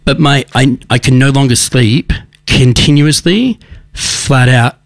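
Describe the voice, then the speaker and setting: A man hosts a talk show, talking earnestly about recovery and tripping over his own sentences as he goes. His voice sits at an ordinary pitch for a man. The recording is dry, with no room sound around him. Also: unhurried, no echo. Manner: earnest, rambling with many restarts. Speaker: radio show host. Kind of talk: casual recovery advice talk.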